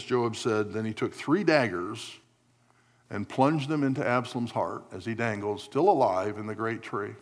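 A man's voice: mid-range voice, moderate pace. A man preaching a sermon, telling a story with wry asides and acting out the lines of the figures in it. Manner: storytelling preacher, acts out quotes, wry humor. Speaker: pastor.

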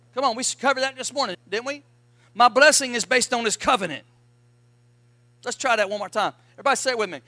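A high-pitched man preaches with a forceful, bright voice, calling his congregation to answer back. His voice is close and dry, with no room echo. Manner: emphatic preaching with call-and-response to the congregation. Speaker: pastor. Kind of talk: sermon.

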